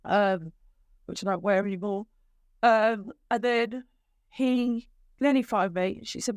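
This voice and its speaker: Middle-aged woman on a podcast, emotional and halting, dry close sound. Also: mid-range voice, steady tone, no echo. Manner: emotional, halting retelling with many restarts. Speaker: guest, bereaved mother. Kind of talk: podcast conversation.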